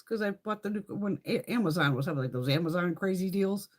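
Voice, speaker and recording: A middle-aged woman hosting a beauty live stream, chatting loosely and cursing freely between bursts of laughter. Her voice is husky and a little breathy, and her pitch swings widely as she tells her stories. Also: quick pace, few pauses. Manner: profane, laughing, animated storytelling. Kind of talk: casual live-stream chat.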